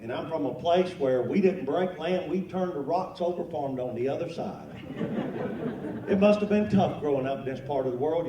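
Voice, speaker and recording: A muffled, distant recording captures a fairly high-pitched man in his fifties from North Carolina with a Southern US accent, doing folksy stand-up comedy at a luncheon. He jokes like a folksy storyteller, picked up from afar by an echoey hall mic amid noise.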